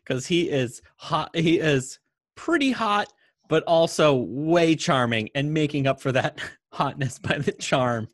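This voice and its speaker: A man's voice: fairly high pitch, lively intonation, measured pace, dry recording, studio quality. A man co-hosting a casual movie chat who laughs often and mimics voices animatedly. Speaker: podcast co-host.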